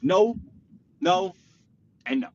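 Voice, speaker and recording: A man with a New York accent, chatting casually on a live stream while he drives, reading viewer messages aloud and breaking into animated outbursts. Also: drawn-out words, highs cut off, a little hiss or hum. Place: inside a car.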